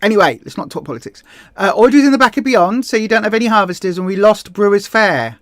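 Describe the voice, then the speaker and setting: A woman's voice: medium pitch, lively intonation, quick pace, no echo, studio quality. A woman with a southern English accent hosting a casual livestream, chatting and reading out viewer comments in a rambling, friendly way. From Hampshire, England. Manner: chatty, rambling, with frequent ums and repeated words. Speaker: host.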